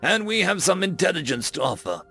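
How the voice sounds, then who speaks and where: A man playing a gruff, hot-tempered middle-aged human leader who barks commands. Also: high-pitched, big pitch swings, fairly quick, pushed and bright, soft background music, voice pushed up, heavily acted. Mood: stern. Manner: barking, commanding.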